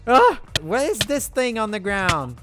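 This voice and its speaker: A man hosting a casual gaming voice chat, talking excitably and breaking into playful panicked yelps and shouts. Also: on the high side, moderate pace. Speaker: gaming channel host. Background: background music.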